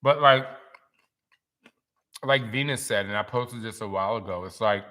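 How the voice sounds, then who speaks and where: A man in his forties hosting a casual live-stream chat, telling stories in an animated, emotional way. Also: fairly low pitch, normal speed.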